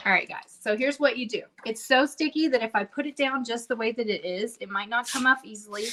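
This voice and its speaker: A woman's voice: a little high, fairly bright tone, slight background noise. A woman hosting a casual crafting livestream from home, chatty and bubbly, talking straight to her viewers. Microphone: livestream camera setup.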